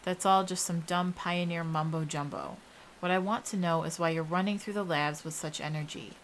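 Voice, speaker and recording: A gentle, motherly Southern woman scientist, as a woman narrator puts her on, soothing and fond of calling people dear. Her voice sits on the low side, with a faint hiss of noise behind it. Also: steady tone, moderate pace, natural voice, poor audio. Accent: Southern US (put on). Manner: soothing, calls others dear.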